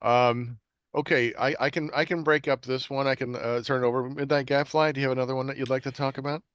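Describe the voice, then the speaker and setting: A man's voice: mid-range voice, steady tone, fast, a bit bright, clean tone, no echo. Chatty male podcast host, dry sound. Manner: enthusiastic, rambling with fillers. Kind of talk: casual chat.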